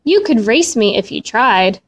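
A woman voicing a lazy young boy with a high, whiny boyish voice. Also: expressive, a little slow.

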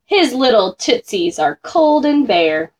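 A woman voicing an eager, fussy male town mayor in a storybook, excited and pleading. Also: sits high, takes it slowly, exaggerated voice.

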